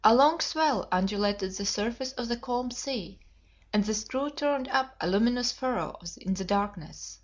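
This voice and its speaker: A woman's voice: on the high side, animated, moderate pace. Woman narrating a classic adventure. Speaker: audiobook narrator. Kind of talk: scripted narration. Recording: dull lo-fi audiobook recording.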